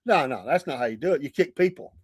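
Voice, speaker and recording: A man's voice: fairly high pitch, expressive, fast talker, slightly rough, dry recording, clean studio sound. Folksy Southern man hosting a morning show. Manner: folksy, laughs often between remarks. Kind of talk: casual chat.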